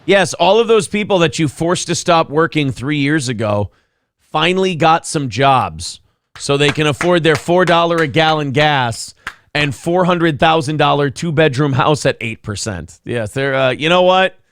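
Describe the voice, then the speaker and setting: A man hosting a morning show, ranting loudly in a mocking, sarcastic way. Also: on the high side, lively intonation, normal speed, a little hiss or hum. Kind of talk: comedic political rant.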